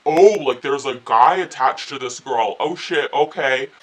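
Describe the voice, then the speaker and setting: A woman putting on the lowered, mocking voice of a cocky young guy hitting on a girl. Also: unhurried. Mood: startled.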